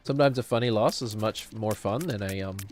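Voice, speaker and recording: A man's voice: fairly low pitch, a little fast, darkish tone, a little hiss or hum. Rambling man chatting over a game. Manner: rambling, chuckling, self-mocking. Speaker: streamer. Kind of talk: casual gaming commentary.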